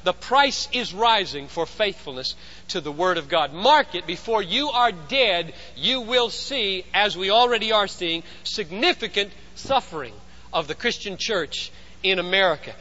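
Emphatic high-voiced male preacher. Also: animated, a little slow, dull audio. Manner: emphatic, swings between loud and hushed. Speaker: pastor. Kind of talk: sermon.

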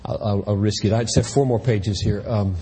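A man preaching a sermon from the pulpit with impassioned delivery, at times rising to shouts. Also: lowish voice, fairly even intonation, moderate pace, husky, in a large hall. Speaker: pastor. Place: church sanctuary.

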